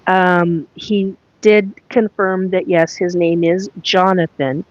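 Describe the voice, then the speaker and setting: A woman hosting a live solo chat, recounting a spirit reading in a halting way as she reads from her notes. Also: fairly low pitch, steady tone, dull audio. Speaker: psychic medium host.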